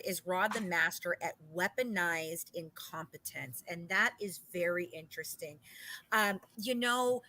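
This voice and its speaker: Emphatic, bright-voiced woman host. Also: fairly low pitch, low-quality recording. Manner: emphatic, swears, mocking exasperation. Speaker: commentary show host. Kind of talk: casual commentary chat.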